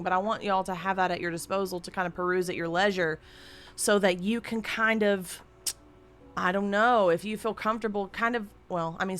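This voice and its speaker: A woman streamer chatting casually and candidly into a desk microphone at home, rambling and swearing freely. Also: on the low side. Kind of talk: casual live-stream chat.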